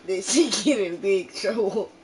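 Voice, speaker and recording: A woman's voice: medium pitch, animated, measured pace, slight background noise. A woman chatting casually with the host, laughing along and asking short questions. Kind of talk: casual chat.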